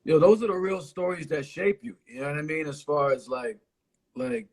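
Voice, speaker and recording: Husky-voiced slangy podcast host. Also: male voice, fairly high pitch, lively intonation, normal speed, darkish tone. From Connecticut. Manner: laid-back slangy banter. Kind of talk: casual interview chat.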